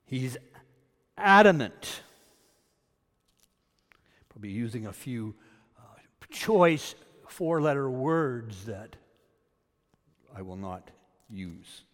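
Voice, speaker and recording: A male pastor preaches in a church sanctuary, and his voice carries a long, lingering reverb from the hall. He sits at an average pitch for a man. He moves between forceful emphasis and hushed, low-key remarks. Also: extremely slow, long pauses. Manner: animated preaching, loud emphatic peaks then quiet asides. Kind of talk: sermon.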